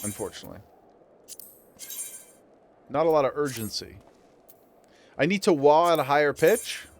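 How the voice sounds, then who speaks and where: A man's voice: a little high, lively intonation, normal speed. Chatty laughing male streamer. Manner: chatty, laughing, talks to chat. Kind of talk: casual livestream chat.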